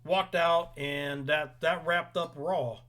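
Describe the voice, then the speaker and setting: A man's voice: fairly high pitch, steady tone, takes it slowly, a bit bright. A young man hosting a casual wrestling recap, opinionated and rambling with frequent ums. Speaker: podcast host.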